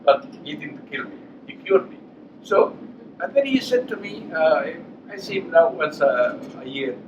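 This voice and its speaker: A man's voice: on the high side, sing-song, a little slow. Older man lecturing in an echoey hall. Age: 80s. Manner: anecdotal, acts out dialogue, emphatic. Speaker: guest speaker. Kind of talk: public lecture with personal stories. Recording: echoey hall, distant mic, dull, noisy.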